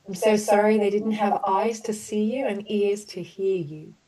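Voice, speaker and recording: A woman leading an online group healing session, slowly offering soothing apologies and then explaining in a loose, chatty way. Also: mid-range voice, fairly even intonation, warm tone, recorded from a distance, low-quality recording. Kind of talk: guided emotional healing session.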